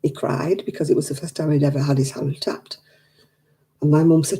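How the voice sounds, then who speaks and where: A woman's voice: low-pitched, lively intonation, a little fast, warm tone. An older woman, telling stories in casual chat and acting out the dialogue. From England. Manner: chatty, acts out quoted dialogue. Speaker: craft night participant.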